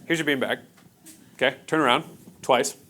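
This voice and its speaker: A man's voice: medium pitch, fairly even intonation, moderate pace, bright, forceful tone. A man presenting a workshop to a live audience in a conference room, talking casually and joking with the crowd. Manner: casual, engaging, jokes with the audience.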